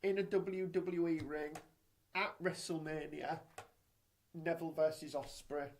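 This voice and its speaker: A man's voice: on the high side, level tone, unhurried, darkish tone, a little hiss or hum. A British man co-hosting a podcast, chatting in a rambling, sarcastic way. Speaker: podcast co-host. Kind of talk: casual chat.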